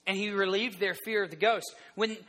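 A man in his thirties gives a sermon in a lively storytelling manner, often restarting his sentences. His voice sits high for a man and sounds bright. The sound rings with a long hall reverb. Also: moderate pace. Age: 30s. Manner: animated storytelling, rambling restarts. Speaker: preacher. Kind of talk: sermon to a group.

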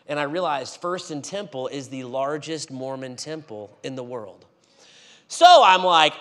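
A man preaching in a church, telling a story with animated swings between loud and hushed delivery. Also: fairly high pitch, takes it slowly. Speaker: guest preacher. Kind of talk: storytelling sermon.

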